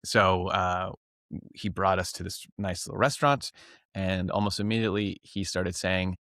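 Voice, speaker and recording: A man's voice: deep voice, moderate pace, a bit bright, no room sound, studio quality. A man, a professional clown and teacher, telling a rambling story in a casual interview, laughing often and restarting his sentences.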